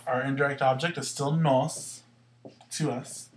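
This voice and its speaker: A man teaching a language lesson step by step, asking questions and answering them himself and slowly sounding out words to show where the stress falls. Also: medium pitch, fairly even intonation, a little hiss or hum. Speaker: Spanish teacher. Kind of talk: explaining grammar step by step.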